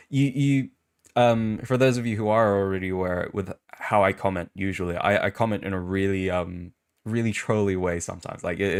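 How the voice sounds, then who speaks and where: Reading comments aloud with amused disbelief, this male VTuber streamer and podcast host rambles through a casual live chat. He has a smooth, fairly low-pitched voice.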